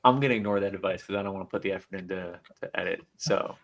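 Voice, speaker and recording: A man with a lowish voice, trading jokes on a casual sports podcast. He talks in an offhand, easygoing way, shrugging things off with a laugh. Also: fast talker. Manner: joking and offhand. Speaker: podcast co-host. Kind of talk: casual chat.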